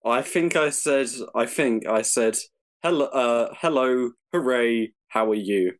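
A man's voice: medium pitch, measured pace. A man in casual comedic chat who stumbles over words and laughs while reading proverbs aloud.

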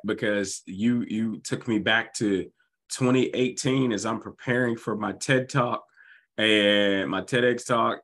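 Male host, lowish husky voice, enthusiastic and rambling. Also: a bit bright. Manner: enthusiastic storyteller, rambling asides. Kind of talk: casual conversation.

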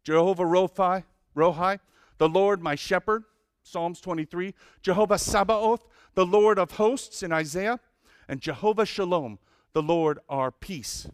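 High-voiced man preaching lively. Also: a little slow, clean tone, no room sound, studio quality. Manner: lively preaching with asides and humor. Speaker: pastor. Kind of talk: sermon.

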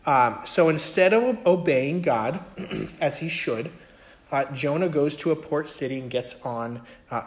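A man giving a casual Bible teaching, talking conversationally and often checking in with his listeners. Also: fairly high pitch. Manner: conversational, many fillers and "right?" checks. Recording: echoey room.

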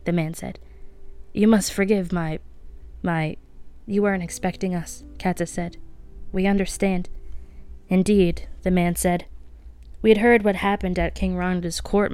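A woman with a low, smooth voice reads a novel aloud in a soft-spoken way, giving the characters light touches of voice. Quiet music plays faintly behind her. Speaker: audiobook reader.

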